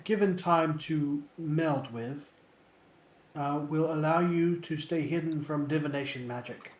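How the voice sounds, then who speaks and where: A man narrating a tabletop game as dungeon master, slow and full of hesitant fillers. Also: on the high side, roomy sound.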